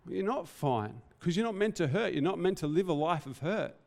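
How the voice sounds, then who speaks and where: An earnest man preaches, his voice sitting a little high for a man. He talks in a reflective, heartfelt way and speaks off the cuff. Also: animated, normal speed, vocal fry, a little mellow, big-room sound. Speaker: pastor. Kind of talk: sermon.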